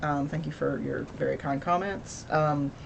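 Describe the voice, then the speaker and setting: A woman's voice: low-pitched, fairly even intonation, moderate pace, vocal fry, slight background noise. A woman co-hosting a podcast, chatting casually with wry, self-mocking humor. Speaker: podcast co-host. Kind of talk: casual chat.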